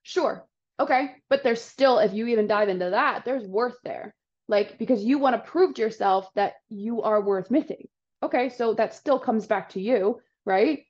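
A woman's voice: on the high side, moderate pace, darkish tone. Encouraging woman on dull lo-fi audio. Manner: emphatic, encouraging, rambling. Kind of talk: casual podcast chat.

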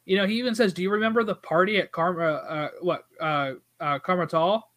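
Brief: man, high voice, casual film chat, animated, does the character lines. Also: fairly quick. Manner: animated, acts out quoted dialogue. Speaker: podcast co-host. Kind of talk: casual movie discussion.

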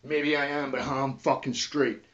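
A man in a profane, agitated rant that swings between quiet muttering and yelling. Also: medium pitch, flat delivery, unhurried. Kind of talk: rambling emotional rant to camera. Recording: distant, dull lo-fi recording.

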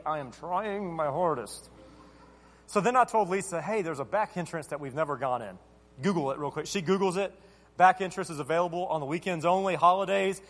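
A man in his thirties, a pastor telling a self-deprecating family story during a sermon and acting out his own side of the dialogue with animated energy. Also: high voice. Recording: long reverb of a large hall.

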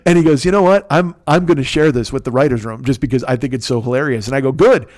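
A middle-aged man hosting his own show, telling a story in a profane, ranting, animated way. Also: medium pitch, fast talker. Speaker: podcast host. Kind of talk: casual storytelling monologue.

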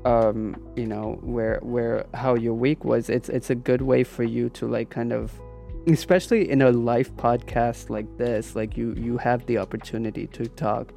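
A man's voice: mid-range voice, fairly even intonation, moderate pace, vocal fry, mellow, faint music behind. A man co-hosting a live podcast stream, talking casually and rambling, with many restarts and fillers. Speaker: podcast co-host streaming on Twitch.

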